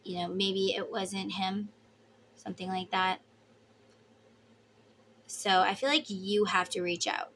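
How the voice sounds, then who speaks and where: A woman's voice: mid-range voice, steady tone, slow pace, pauses often, fairly bright tone, a little hiss or hum. A woman giving a casual tarot reading to her viewers, emotive and chatty, with the odd swear word. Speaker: tarot reader.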